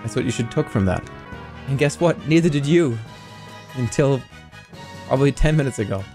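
A man's voice: mid-range voice, normal speed, pauses often. A man streaming casually, arguing playfully with his chat. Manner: argumentative, animated banter with chat. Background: faint music.

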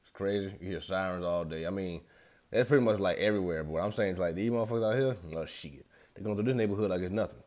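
Young guy vlogging, low voice, slangy and cussing a lot, just talking to the camera. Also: quick pace, darkish tone. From Atlanta, USA. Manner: loose, slangy and profane, talks straight to viewers. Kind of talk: casual rambling vlog.

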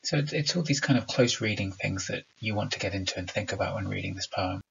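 A man's voice: fairly low pitch, quick pace, gravelly, fairly bright tone, muffled recording, slight background noise. A man teaching a recorded remote lesson. He explains patiently and sounds out rhythms aloud to make his points.

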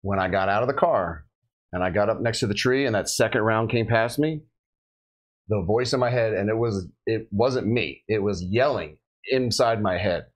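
A man's voice: on the low side, normal speed, low-quality recording. A middle-aged man, a police officer, telling a story in a casual podcast chat and acting out the voices he quotes. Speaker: police officer recounting a shooting.

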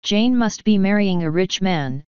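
A woman's voice: mid-range voice, lively intonation, a little slow, a little mellow, clear, resonant tone, dry recording, close to an everyday voice. A woman voicing a cold, sneering aristocratic English lord, curt and disdainful. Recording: dull dry recording.

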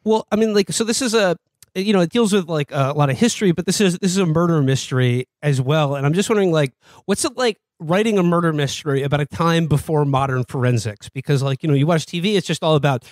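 A man's voice: a little high, fast talker, dry recording. A man hosting a podcast, asking long, rambling questions full of likes and throwing in jokes. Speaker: podcast co-host. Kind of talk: casual podcast interview.

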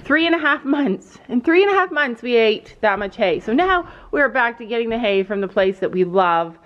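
A woman's voice: fairly high pitch, sing-song, normal speed. A middle-aged woman hosting a family vlog from a horse barn, telling a story dramatically and cooing at her horses between sentences. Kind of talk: casual chatty vlog storytelling. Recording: echoey, slightly dull, faint ambience.

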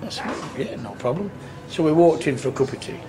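A man's voice: a little high, expressive, a little fast, music in the background. A man telling a rambling, earthy anecdote, swearing and acting out what people said. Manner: rambling, earthy storyteller who swears and acts out quotes. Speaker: tribute band singer. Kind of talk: casual anecdote. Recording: noisy on-location recording.

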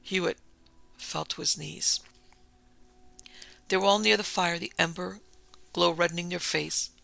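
A woman narrating a classic mystery podcast with steady, measured delivery. Her voice is gravelly with fry and sharply bright in tone. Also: on the low side, no echo. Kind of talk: scripted narration of a vintage mystery.

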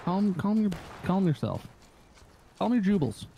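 A man co-hosting a gaming podcast, excitable and profane as he calls out plays. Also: high voice, measured pace, creaky, a little hiss or hum. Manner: excitable, swears freely, rallies teammates. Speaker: podcast co-host streaming a war game. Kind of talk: casual gaming chat.

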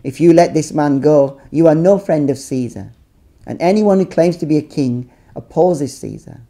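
A man's voice: high voice, lively intonation, fairly quick, pitched above the performer's own voice. A man voicing an angry accusing crowd. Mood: insistent. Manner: raised, insistent and shouting.

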